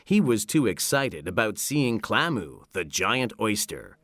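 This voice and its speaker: A man reads a children's storybook aloud in scripted narration, slow and deliberate, letting his pitch move freely as he acts out the story. The recording is dry and close.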